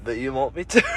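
A man's voice: a little high, heavy background noise. A man hosting a podcast in casual chat from a parked car, rowdy and profane, laughing often. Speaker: podcast host.

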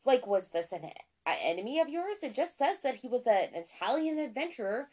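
Animated, chatty woman podcast host. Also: on the high side, fairly quick. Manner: excitable, self-deprecating, chatty. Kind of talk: casual chat.

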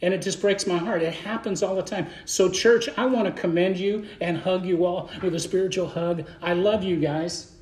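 A Baptist pastor with a high, steady, slightly mellow voice preaches to his congregation in a church sanctuary at a normal pace. His sermon is fervent and folksy, with frequent repeated words. The room is echoey.

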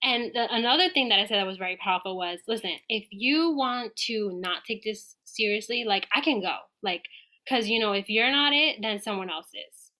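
Woman, podcast guest, animated storyteller, bright clear tone, mid-pitched voice. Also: normal speed. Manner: animated, acts out her own quoted dialogue. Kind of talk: casual storytelling interview.

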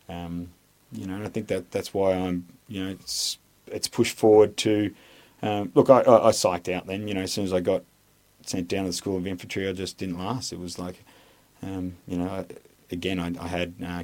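A man's voice: deep voice, little pitch movement, fairly quick, darkish tone. An Australian ex-army man talking as a podcast guest, blunt and rambling, with lots of fillers, restarts and swearing. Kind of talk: casual interview storytelling.

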